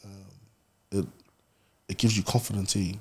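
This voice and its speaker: A man, a podcast guest telling stories in relaxed casual conversation. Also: sits low, moderate pace, slightly rough. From New Zealand. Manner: relaxed, storytelling, laughs often.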